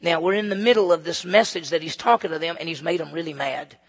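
A man preaching a conversational, emphatic sermon as pastor, swinging between loud and soft. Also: on the high side, steady tone, quick pace. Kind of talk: expository sermon. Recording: long hall reverb.

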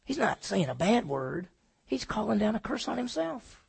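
A pastor with a gravelly, husky, high voice delivers a sermon at normal speed, very animated. He swings between loud, emphatic preaching and hushed, almost whispered lines, posing questions to the congregation and answering them himself.

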